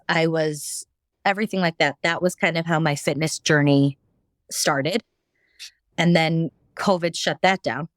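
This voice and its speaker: A woman's voice: fairly low pitch, no echo, clean studio sound. A woman guest sharing a personal story in a candid, rambling way, with frequent restarts. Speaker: podcast guest.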